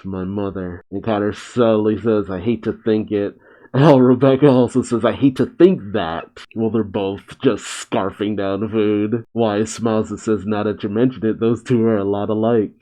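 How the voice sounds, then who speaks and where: A man's voice: on the low side, mellow. A young man casually reading a manga chapter aloud and commenting, trying light voices for the characters and laughing often. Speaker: manga reaction host.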